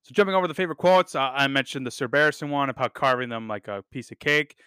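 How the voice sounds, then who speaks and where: A man's voice: mid-range voice, fast talker, bright, forceful tone, clear, resonant tone, dry recording, clean studio sound. A man hosting a podcast, rambling enthusiastically in casual chat with lots of fillers and the odd swear word. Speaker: podcast host reviewing a TV series.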